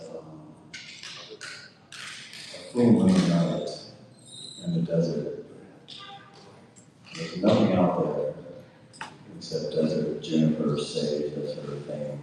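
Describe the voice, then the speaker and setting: Man, very low voice, unhurried and halting storyteller, distant in a long-reverb hall. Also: steady tone, background noise. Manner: halting, with many "uh" fillers and repetitions. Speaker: storyteller recounting a personal experience. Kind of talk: slow reflective storytelling.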